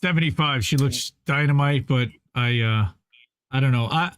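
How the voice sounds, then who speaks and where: A man's voice: mid-range voice, normal speed, fairly bright tone. A man co-hosting a casual chat, candid and opinionated, often repeating words as he starts a thought. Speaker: co-host.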